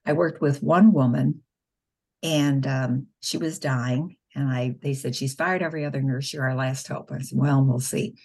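A middle-aged woman who works as a nurse and pro-life spokeswoman tells patient stories earnestly in a conversational interview, acting out the dialogue. Her voice is extremely low, fairly even in intonation, a little mellow and slightly rough, at a moderate pace.

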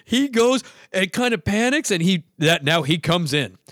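A man telling a story in casual conversation. His voice sits fairly high for a man, and it sounds close and dry. He is animated and acts out the other people's voices. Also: moderate pace, no echo.

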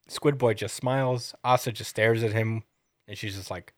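A man's voice: lowish voice, moderate pace, dry recording, clean studio sound. Casual man retelling a story. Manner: rambling, quotes characters in a lively acted-out way. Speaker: podcast co-host recapping a manga chapter. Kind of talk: casual chat.

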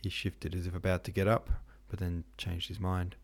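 A man's voice: sits low, moderate pace, creaky. A man hosting a podcast, reading a classic novel in a casual, slangy retelling. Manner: slangy, relaxed. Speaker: podcast host and reader.

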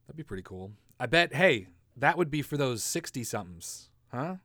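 A man's voice: mid-range voice, sing-song, normal speed, sharp tone, dry recording, studio quality. A man hosting a casual comedy podcast, rambling and sarcastic, swearing casually and laughing at his own jokes. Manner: swears casually, slips into silly voices. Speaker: podcast host.

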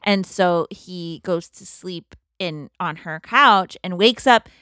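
A woman's voice: lowish voice, slow, dry recording, clean studio sound. A woman casually retelling a movie plot in a comedy podcast, acting out the characters' lines, with lots of "like" fillers. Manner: animated storyteller, acts out quotes, lots of "like". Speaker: podcast co-host.

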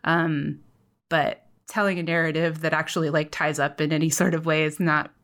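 A young woman with a slightly low voice chats casually among friends on a podcast. She laughs easily and talks in loose, animated bursts, full of "like" and quick restarts. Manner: giggly, animated, lots of fillers. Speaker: podcast co-host. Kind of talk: casual chat.

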